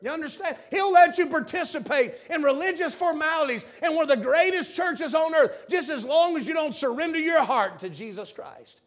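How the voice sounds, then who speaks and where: High-pitched fervent man preaching. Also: expressive, normal speed, few pauses. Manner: fervent, swings between hushed and shouting. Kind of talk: revival sermon. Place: church.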